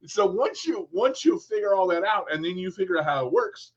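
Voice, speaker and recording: Male talk host, animated storyteller, slightly high voice, dull lo-fi recording. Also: brisk. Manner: animated storyteller, acts out quotes. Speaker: radio show host. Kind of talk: casual interview chat. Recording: muffled lo-fi sound.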